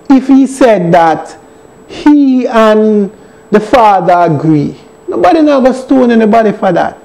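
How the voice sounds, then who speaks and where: A man's voice: very high voice, darkish tone, rough recording. A man with a Jamaican accent, an elder teaching a Bible study and driving his points home with emphatic repetition. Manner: emphatic, repeats phrases.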